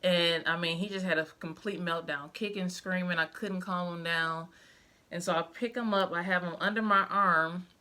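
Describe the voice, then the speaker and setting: Bright-voiced young mother, heartfelt. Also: lowish voice, fairly even intonation, moderate pace. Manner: emotional, heartfelt, with many fillers. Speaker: vlogger, mother. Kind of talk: casual personal storytelling to camera.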